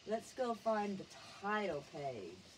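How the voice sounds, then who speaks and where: A woman teacher reads a picture book to little children in an unhurried voice. Her pitch swoops up and down with expression. She pauses to ask gentle questions about the pictures, with a faint hiss in the background. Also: big pitch swings. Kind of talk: reading a picture book aloud to young children.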